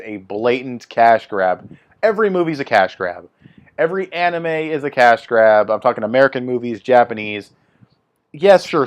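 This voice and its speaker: A young man hosting his own video, giving a blunt, swearing opinion rant in a casual way. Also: medium pitch. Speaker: video host.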